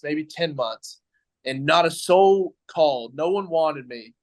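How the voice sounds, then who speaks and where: A young adult man, a pro baseball pitcher, tells his story in a casual interview, rambling and quoting his own thoughts with lots of "like". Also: no room sound, low-quality recording. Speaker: professional baseball pitcher, guest.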